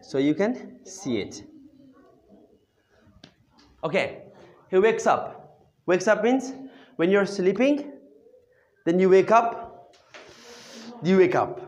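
An English teacher leads a classroom drill at an unhurried pace. The pitch swings widely between questions and answers. The teacher drills with patient call-and-response and praises the class again and again. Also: sing-song.

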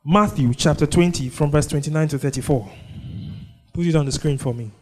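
A man's voice: a little high, brisk, soft background music. A man with a Nigerian accent preaching a sermon, who keeps asking the congregation "what?" so they finish his sentences. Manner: call-and-response preaching, prompting the congregation with "what?". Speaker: pastor.

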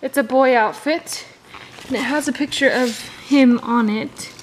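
A woman's voice: high voice, a little slow, a little hiss or hum, poor audio. A woman chatting casually and enthusiastically about her doll purchases. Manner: enthusiastic, chatty, many fillers. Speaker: doll collector vlogger. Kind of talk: casual chat.

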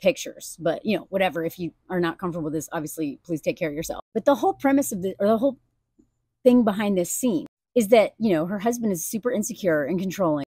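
A woman's voice: fairly low pitch, quick pace, dark tone, husky, no room sound, studio quality. Earnest woman in casual commentary. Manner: earnest, emotional, conversational; casual fillers and direct address. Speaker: video creator. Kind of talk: personal video commentary.

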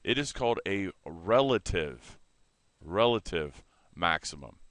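A man teaching a math lesson in a relaxed way, correcting himself and explaining as he sketches on a board. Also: sits low, a little slow, dry recording.

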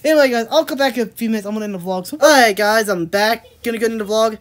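A woman's voice: on the high side, racing. A woman vlogging casually about her day, chatting and talking playfully to her pets. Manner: chatty, playful, talks to pets in silly voices. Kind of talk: casual family vlog chat.

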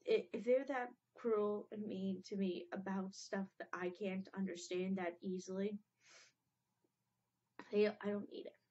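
A young woman hosting a reaction video, talking in a halting, emotional way with many restarts. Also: mid-range voice, darkish tone. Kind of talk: casual reaction commentary. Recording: dull lo-fi home recording.

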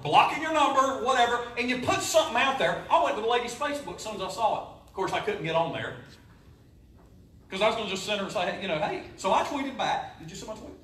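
A pastor, preaching a folksy, joking sermon in a church. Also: male voice, high-pitched, lively intonation, quick pace, slight background noise. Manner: folksy, joking preaching with sudden loud rises. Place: church sanctuary. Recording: echoey church, voice from a distance.

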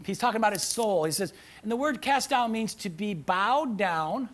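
A male pastor preaching a sermon to a church congregation, animated and often breaking into shouts. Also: sits high, normal speed. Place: church sanctuary with live audience.

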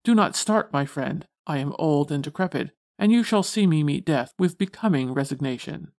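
A woman's voice: low-pitched, expressive, normal speed, a little mellow. Old worn out moth guy, earnest and proper, storybook, lady reading. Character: old, decrepit male tiger moth, resigned.

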